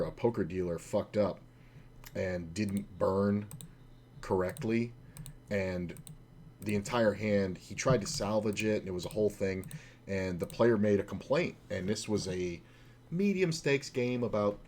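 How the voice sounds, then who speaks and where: A man's voice: low-pitched, darkish tone, slight background noise. A man who streams online poker, telling a long, casual, profane story with many "uh"s and restarts. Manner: rambling, profane, heavy on filler words. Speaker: poker streamer and former casino dealer trainer.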